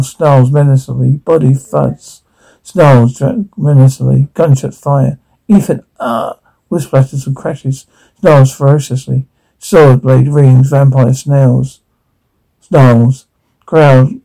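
A man's voice: mid-range voice, steady tone, takes it slowly, creaky, dark tone, rough recording. A man reading a drama scene aloud, its sounds and dialogue, with stumbles and restarts as he goes.

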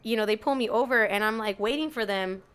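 A woman's voice: a little high, fast talker, a bit bright, clear, resonant tone. A young woman telling a long story in casual chat, rambling with lots of fillers and acting out quotes. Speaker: storyteller guest.

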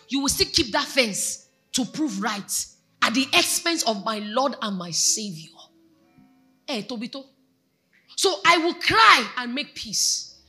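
A woman's voice: high-pitched, pushed and bright. A Nigerian woman pastor preaching a sermon, exhorting her congregation and asking them questions. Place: church.

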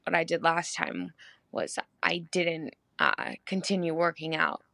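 Slow, gravelly-voiced hesitant woman caller. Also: deep voice, big pitch swings, pushed and bright, no echo, studio quality. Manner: hesitant, many fillers. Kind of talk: recorded voice question.

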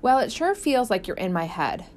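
A woman voicing a worried, sharp-tongued sixth-grade boy in an audiobook, speaking impatiently. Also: mid-range voice, sing-song, normal speed, a little hiss or hum, close to an everyday voice.

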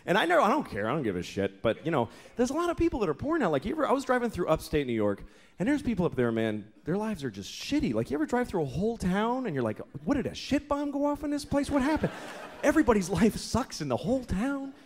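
A man's voice: sits high, huge pitch swings, fast. A man in his thirties performing a stand-up comedy set on a club stage, telling exasperated, profane stories and acting out the people in them. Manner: profane, exasperated storytelling with acted-out quotes. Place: comedy club stage before a live audience. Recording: live club recording with crowd and faint noise. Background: audience laughter.

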